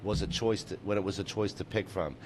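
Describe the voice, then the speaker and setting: Low-voiced guy hosting a late night chat show, reads viewer comments, swears a lot, faint rumble behind. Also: fairly even intonation, brisk. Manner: loose, swears casually, reads comments aloud.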